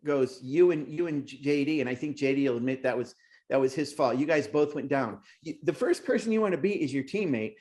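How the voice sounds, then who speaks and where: Speaking a little fast with a slightly mellow voice, a racing podcast host who also announces races rambles through a casual interview. He grows emotional and worked up as he goes, and his pitch rises with it.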